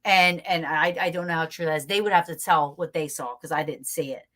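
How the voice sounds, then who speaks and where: A woman guest telling a story in a casual, animated way, laughing often and swearing freely. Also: low voice, brisk.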